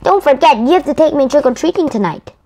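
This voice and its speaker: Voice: sits high, animated, fast talker, warm tone, a little hiss or hum, pitched above the performer's own voice. A woman reading the lines of a bossy, eager little girl, in an insistent way, from a picture book.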